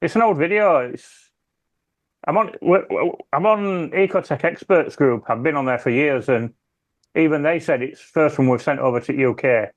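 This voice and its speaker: A man's voice: on the high side, moderate pace. A British man chatting casually on a podcast, rambling and trailing off as he talks. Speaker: podcast panelist. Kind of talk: casual chat.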